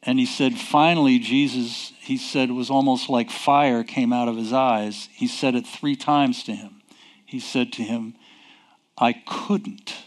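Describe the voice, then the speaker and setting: A man preaching a sermon, emphatic and deliberate, posing rhetorical questions and answering them himself. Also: mid-range voice, steady tone.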